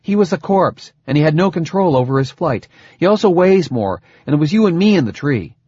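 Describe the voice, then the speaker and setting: A man voicing a calm, determined female army lieutenant in an audiobook, with a raised, steady and clipped delivery. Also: a little high, fairly quick, slightly rough, dry recording, pitched above the performer's own voice. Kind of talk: audiobook character voice. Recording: dull dry lo-fi recording.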